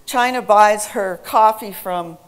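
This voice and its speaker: A woman who is a native English speaker giving an emphatic, animated public talk and quizzing her live audience. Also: mid-range voice, slow pace.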